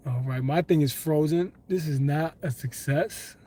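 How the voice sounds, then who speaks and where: A young man from Brooklyn, hosting a casual live stream, chatting with viewers, slangy and quick to laugh. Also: a little high. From Brooklyn, New York. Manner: excitable, laughs often, slangy, talks to chat. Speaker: livestream host. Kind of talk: casual live stream chat, reading comments.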